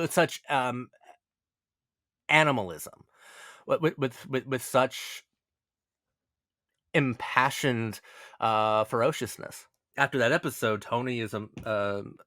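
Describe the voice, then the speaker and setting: Stammering, animated man, dry close sound. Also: mid-range voice, no room sound. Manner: animated, stammering restarts, swears casually. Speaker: video essay host. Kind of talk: casual spoken analysis.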